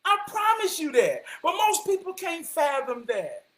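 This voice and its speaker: A man delivering an impassioned motivational monologue, preaching his point and often rising to a shout. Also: very high voice, huge pitch swings, unhurried. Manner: preachy, repeats "I promise you", rises to shouting. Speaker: vlogger giving life advice.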